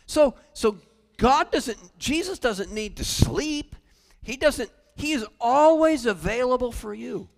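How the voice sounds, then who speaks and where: A male pastor preaching a sermon in a church sanctuary, animated, with humorous asides. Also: very high voice, slow, creaky. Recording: long church reverb.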